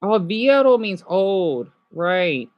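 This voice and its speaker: Excitable livestreamer woman, lo-fi sound. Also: mid-range voice, slow, no room sound. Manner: excitable, exclaims at surprises; reads out practice words while chatting to viewers. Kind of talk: casual livestream chat. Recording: dull lo-fi sound.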